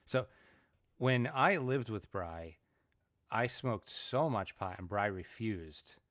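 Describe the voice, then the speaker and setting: Podcast co-host, low-voiced man, dry teasing chat. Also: expressive, takes it slowly, fairly bright tone. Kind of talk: casual chat.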